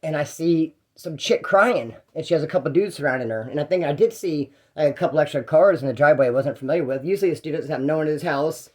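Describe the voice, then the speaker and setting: A man's voice: on the high side, fast, hardly any pauses. A young man telling a story in a casual, slangy, rambling way, with restarts.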